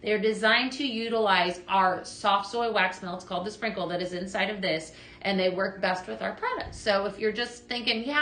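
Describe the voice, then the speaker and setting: A woman hosts a live selling show in a chatty, upbeat way, greeting viewers as she demos products. Her voice is bright and forward, and the room around her rings with echo. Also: fairly high pitch. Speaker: host of a live shopping show. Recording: echoey room.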